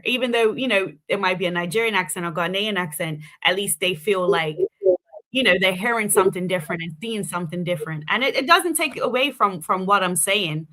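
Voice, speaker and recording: A woman's voice: mid-range voice, animated, normal speed, pushed and bright. A woman with a Bermudian accent, talking casually as an interview guest, chatty with many fillers. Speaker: guest politician.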